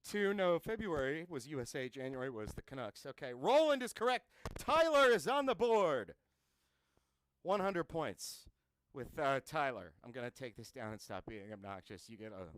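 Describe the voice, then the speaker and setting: Lively, wisecracking man hosting trivia. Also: fairly high pitch. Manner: chatty, wisecracking, self-mocking. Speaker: trivia host. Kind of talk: live-streamed trivia hosting.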